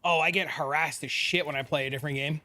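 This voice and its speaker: A young man streaming a game, chatting casually, excitable and swearing freely as he reads chat aloud. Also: a little high, fast, a little hiss or hum.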